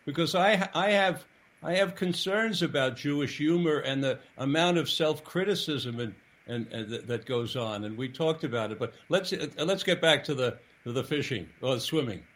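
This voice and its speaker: A man hosting his own radio program, speaking earnestly and haltingly with repeated words as he wraps up an interview. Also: a little high, animated, a bit bright, low-quality recording. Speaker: radio show host.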